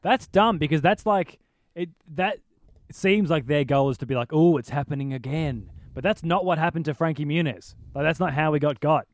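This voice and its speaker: A man's voice: fairly high pitch, moderate pace, no room sound. A man co-hosting a podcast in casual chat, blunt and incredulous, swearing freely. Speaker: podcast co-host.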